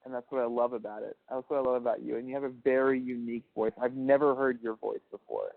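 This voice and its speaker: A man's voice: medium pitch, expressive, fast talker, vocal fry. A man chatting affectionately over a phone line, laughing often and swearing heavily. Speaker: caller on a prison phone call. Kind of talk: casual phone chat. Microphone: telephone.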